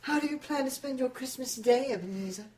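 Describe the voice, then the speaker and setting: A woman's voice: high-pitched, fast talker, background noise. A woman in a comic amateur stage reading, hamming it up and giggling between roles.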